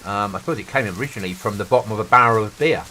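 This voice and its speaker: A man's voice: lowish voice, very fast, pushed and bright, a little hiss or hum, poor audio. A middle-aged British man streaming a game, chatting earnestly and telling stories to a friend. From Britain. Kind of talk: casual chat while gaming.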